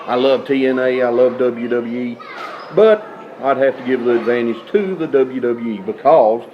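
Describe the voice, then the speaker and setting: A man's voice: mid-range voice, normal speed, dull audio, slight background noise. A man being interviewed as a wrestler, talking in a brash, hyped wrestling-promo style.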